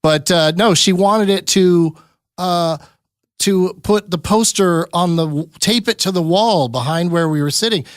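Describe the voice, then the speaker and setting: A man's voice: sits high, unhurried, clean tone, dry recording, studio quality. A man hosting a podcast, telling stories in a wry, joking way and laughing often. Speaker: podcast host. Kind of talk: casual interview chat.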